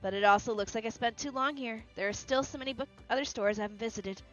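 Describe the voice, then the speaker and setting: A woman's voice: a little high, quick pace, fairly bright tone, close to an everyday voice. A woman reading aloud as a cheerful young heroine exploring a city, with faint music behind on a lo-fi recording. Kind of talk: reading game dialogue aloud.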